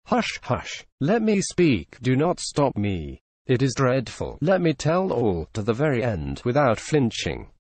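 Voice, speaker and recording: A man voicing a dying young woman who pleads in halting, broken phrases, in a storybook reading. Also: medium pitch, wildly swooping pitch, darkish tone, breathy edge, dry recording, exaggerated voice. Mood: pleading.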